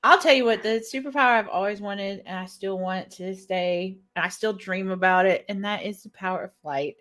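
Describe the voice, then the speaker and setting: A woman's voice: mid-range voice, fairly quick, a bit bright. A woman co-hosting a casual chat show, laughing often as she talks. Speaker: co-host. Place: lives in Ireland.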